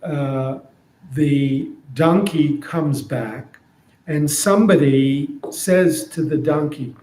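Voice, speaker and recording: A man teaching an adult education class on a scripture story, in an easygoing, thoughtful way with many pauses and fillers, in a synagogue classroom. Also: fairly high pitch, a little mellow. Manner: slow, thoughtful, with frequent hesitations. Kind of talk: informal Torah class. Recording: roomy echo.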